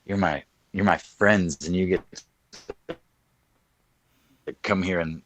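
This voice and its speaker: A man's voice: low voice, fairly even intonation, slow pace, noisy background. A man co-hosting a live online podcast in crude, joking, rambling banter. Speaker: podcast co-host. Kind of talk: casual live-stream banter.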